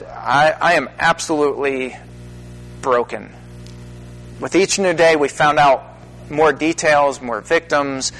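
A middle-aged man giving an earnest testimony to an audience. His voice sits a little high for a man. He pauses and halts, then leans hard into his stressed words over a faint hum behind him. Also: a bit bright, poor audio. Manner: earnest, halting pauses, rising to emphatic stresses. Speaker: minister. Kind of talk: personal testimony talk to an audience.

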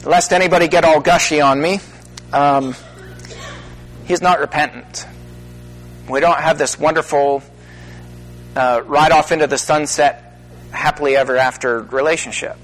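A middle-aged minister speaking earnestly to an audience, with halting pauses that build into emphatic stresses. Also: male voice, fairly high pitch, steady tone, soft background music, poor audio. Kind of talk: personal testimony talk to an audience.

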